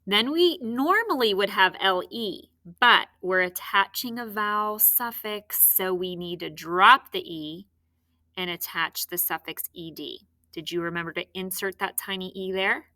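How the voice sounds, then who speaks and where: A woman teaching a recorded phonics lesson, dictating words slowly and patiently, with encouraging checks. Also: medium pitch, sharp tone.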